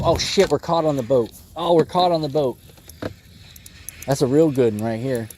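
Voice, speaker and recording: Excitable man livestreaming from a fishing boat. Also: medium pitch, normal speed, long pauses, a little hiss or hum. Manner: excitable, talks to the fish and chat. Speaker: livestreaming bass angler. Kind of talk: casual live commentary while fishing.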